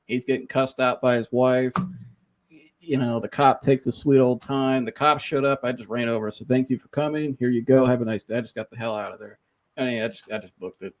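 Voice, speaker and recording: A man hosting a podcast, telling a funny story in a casual, animated way, laughing often and mimicking the people he quotes. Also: medium pitch, a little fast. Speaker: podcast host.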